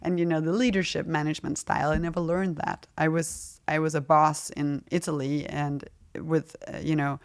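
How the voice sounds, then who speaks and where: A woman's voice: sits low, fairly even intonation, normal speed, hardly any pauses, darkish tone. A middle-aged woman speaking frankly and casually as an interview guest, laughing often as she talks. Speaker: fashion brand founder, guest.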